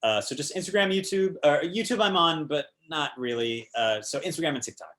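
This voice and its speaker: A man from the American South, a guest actor, chatting casually and telling animated stories with plenty of fillers. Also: on the high side, a little fast. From Georgia, US South. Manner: animated storyteller, many fillers. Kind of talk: casual interview chat.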